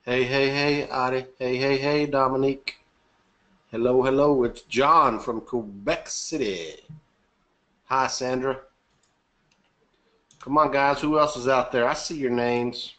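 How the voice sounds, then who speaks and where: Man, webinar host, upbeat, chatty, mid-pitched voice. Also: steady tone, takes it slowly, pauses often, fairly bright tone. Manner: upbeat, chatty, reading names aloud and joking. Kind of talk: live webinar greeting attendees.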